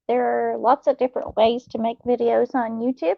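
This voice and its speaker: A young adult woman, hosting a late-night live chat, talking softly and laughing often. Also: a little high, vocal fry, dry recording, dull audio. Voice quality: soft, slow, laughs often. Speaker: channel host reading live chat.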